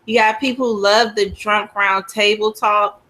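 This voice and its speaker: A woman's voice: mid-range voice, steady tone, unhurried, bright, forceful tone. A woman in casual livestream chat, talking in a laid-back, slangy way.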